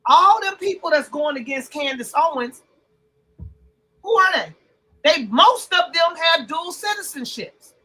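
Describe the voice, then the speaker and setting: A woman co-hosting a podcast in casual chat, profane and emphatic, rising to loud outbursts. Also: high voice, sing-song, a little slow, rough recording. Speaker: podcast co-host.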